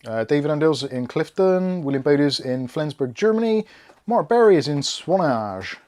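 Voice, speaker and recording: A man's voice: a little high, lively intonation, normal speed, a little mellow. A man hosting a live PC build stream, chatting casually and reading out viewer comments while he works. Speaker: tech channel host.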